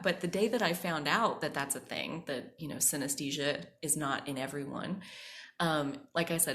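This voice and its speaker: A woman hosting a podcast, telling a personal story in a casual, animated way, often saying "like" and acting out the voices she quotes. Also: sits low. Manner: animated, acts out quoted voices, frequent "like" fillers. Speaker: podcast host.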